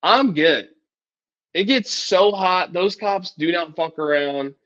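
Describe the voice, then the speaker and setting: A man's voice: high-pitched, slow pace, fairly bright tone. Laid-back man, dull lo-fi sound. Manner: laid-back, profane, says "dude" and "bro". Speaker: podcast co-host. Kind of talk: casual chat.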